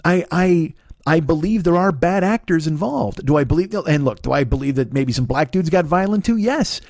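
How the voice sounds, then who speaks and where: A man in his forties ranting in a profane podcast monologue, agitated, sometimes dropping to a mutter and then rising to a shout. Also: a little high, lively intonation, moderate pace, no room sound, studio quality. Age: 40s. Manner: agitated, swearing, swings between muttering and shouting. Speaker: podcast host.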